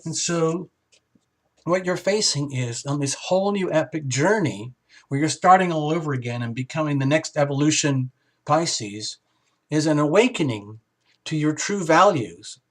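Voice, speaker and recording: Man, tarot reader, rambling casual talk, exclamatory, slightly higher voice. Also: lively intonation, normal speed, a bit bright. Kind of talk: casual spoken tarot reading.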